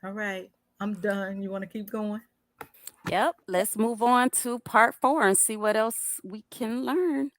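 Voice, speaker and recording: Quiet, agreeable woman co-host. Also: medium pitch, fairly even intonation, measured pace, no echo, studio quality. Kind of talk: casual chat.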